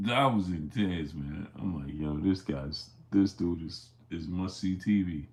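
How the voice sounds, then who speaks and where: A man's voice: deep voice, measured pace, hardly any pauses. Rambling male livestream host. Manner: rambling, heavy on fillers and restarts; greets live chat viewers by name mid-story. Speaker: sports channel host. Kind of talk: casual livestream storytelling.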